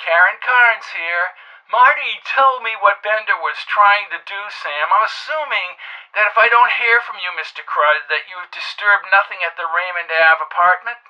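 A woman playing a composed lawyer leaves a slow, measured voicemail. She is formal and precise. The sound is muffled, like an answering machine. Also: mid-range voice, natural voice. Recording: dull lo-fi voicemail line.

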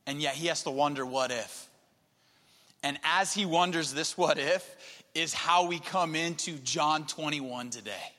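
A man preaching a sermon, dropping to a hushed low voice and then rising to loud, emphatic lines. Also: a little slow. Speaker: pastor. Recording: long hall reverb.

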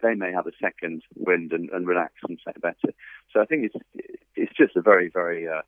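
Guest author, male, very low gravelly voice, dry phone-line sound. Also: a little fast, dry recording. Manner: thoughtful, anecdotal, frequent fillers. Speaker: tennis author and coach, guest. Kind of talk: interview over a phone line.

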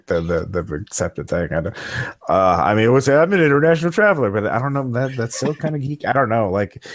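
A man's voice: fairly low pitch, no echo, studio quality. A man chatting casually as a podcast guest, rambling with many restarts and fillers. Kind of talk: casual chat.

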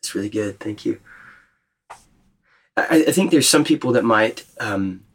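Male retreat leader, slightly low voice, reflective teaching tone, asks the group questions. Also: expressive, unhurried. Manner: thoughtful, gently questioning.

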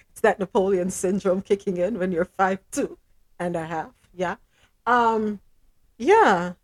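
A woman hosting a podcast in casual chat, blunt and animated, often laughing. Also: mid-range voice, takes it slowly, pauses often. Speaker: podcast host.

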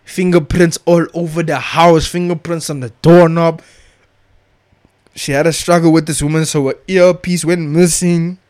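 Slangy young man ranting fast and loose. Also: on the high side, little pitch movement, darkish tone, clean tone, no echo, studio quality. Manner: slangy, emphatic, swearing, heavy use of filler address words. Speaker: vlogger reviewing a TV show. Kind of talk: casual rant.

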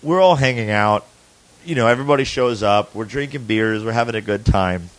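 A man's voice: fairly low pitch, brisk, no echo. Laid-back, foul-mouthed male podcast host. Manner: loose, profane and laughing, with frequent restarts. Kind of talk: casual chat, storytelling.

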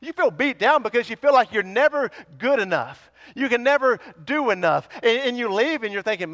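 A man's voice: very high-pitched, animated, fairly quick, few pauses, fairly bright tone, in a large hall. A man preaching a sermon to his congregation. He talks conversationally and teases the listeners, then builds to emphatic repeated lines. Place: church sanctuary.

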